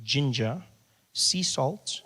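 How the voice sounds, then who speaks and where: A man's voice: medium pitch, very slow, slightly rough. South African man doing stand-up. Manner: animated, crowd work, acts out voices. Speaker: stand-up comedian. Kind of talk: stand-up comedy.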